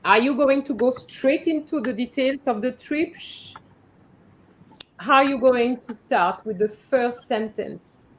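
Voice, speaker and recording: Slow, patient woman teaching French online. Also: fairly high pitch, a little hiss or hum, rough recording. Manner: patient, correcting students one by one. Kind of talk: live online lesson.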